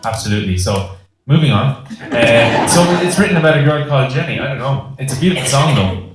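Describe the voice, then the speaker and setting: A young Irish singer chats on stage in a concert hall, telling jokey, self-mocking stories to a live audience. His mid-range voice is fast with lively intonation, and the recording carries live hall echo with music behind.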